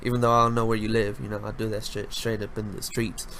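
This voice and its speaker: A young man hosting a casual solo podcast, talking loudly with lots of slang and swearing, jumping between high-pitched bursts and low mutters. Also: fast talker, a little hiss or hum. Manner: loud, animated, slangy, swears freely. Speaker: podcast host.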